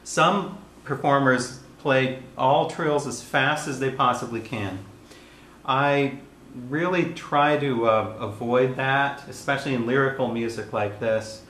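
A man giving a calm, explanatory piano lesson, talking between played passages. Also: mid-range voice, slow pace, a little hiss or hum. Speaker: piano teacher. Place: room with a piano. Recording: roomy sound with piano playing.

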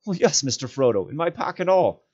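A devoted hobbit servant, eager and rustic, chattering loudly, as a man reading aloud puts him on. The voice sits well above the reader's own low tone. The recording is dull and lo-fi. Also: sing-song, fairly quick. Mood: excited. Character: loyal excitable male hobbit servant. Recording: dull lo-fi sound.

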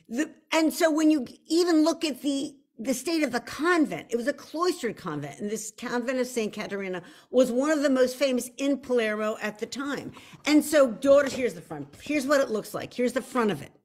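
A woman's voice: sits high, animated, moderate pace, a little mellow. A woman hosting a live online show, chatting casually and with self-deprecating humor, often restarting her sentences. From United States. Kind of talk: casual live-stream talk.

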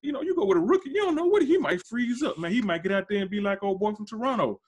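A man's voice: sits high, lively intonation, fast talker, a little mellow, slightly rough. A man hosting a podcast, arguing basketball in casual slangy talk, emphatic and insistent, his voice shooting up when he presses a point. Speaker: podcast host. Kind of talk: casual sports debate.

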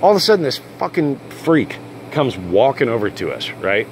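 A man's voice: medium pitch, moderate pace, a little hiss or hum. A man telling a crude, swear-filled story as the host of a casual rant video. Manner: crude, swearing constantly, animated. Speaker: channel host.

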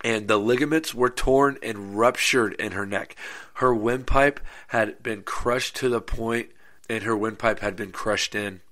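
Bright-voiced man telling a true-crime story. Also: lowish voice, measured pace. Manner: animated, swears freely, rhetorical asides. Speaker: podcast host.

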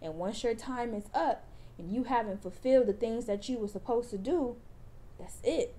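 A woman's voice: on the high side, a little fast, dark tone, slight background noise. A young woman vlogger chatting casually to her viewers, calling them y'all and restarting her phrases as she goes. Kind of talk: casual vlog chat and encouragement.

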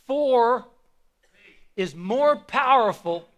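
A man preaching a sermon as pastor to a church congregation, fervent and swinging between hushed and shouted lines. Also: very high voice, animated, very slow.

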